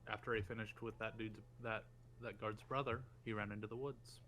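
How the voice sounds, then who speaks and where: A man's voice: lowish voice, flat delivery, fairly quick, fairly bright tone, a little hiss or hum. A man playing in a tabletop game, answering tersely and matter-of-factly. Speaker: player.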